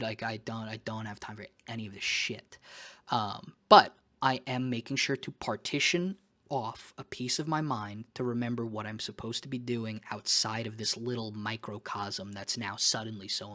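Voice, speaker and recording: A man's voice: medium pitch, fairly bright tone. A man talking candidly in a casual personal vlog, rambling and emphatic, with casual swearing. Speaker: vlogger.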